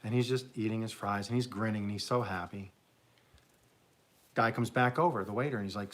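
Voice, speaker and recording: Man, livestream host, low voice, casual, rambling, chuckling, joke telling. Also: a little fast, long pauses, fairly bright tone.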